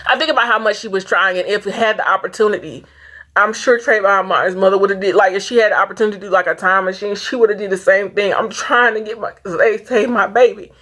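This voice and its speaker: A woman from the Saint Louis area vlogs a casual movie review, speaking quickly in a mid-range, fairly bright voice with fairly even intonation. Earnest and rambling, she often stops and restarts while fighting back tears.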